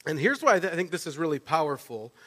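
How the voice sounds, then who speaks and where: A man preaching a sermon, telling the story in a lively way and often checking in with "right?". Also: on the high side, quick pace. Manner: animated storytelling, with frequent restarts and "right?" asides. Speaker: pastor. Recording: long reverb of a large hall.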